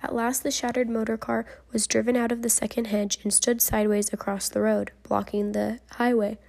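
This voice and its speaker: A woman reading a memoir aloud in a measured storybook manner, dropping to a soft whisper at tense moments. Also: a little high, little pitch movement, gravelly. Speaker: reader.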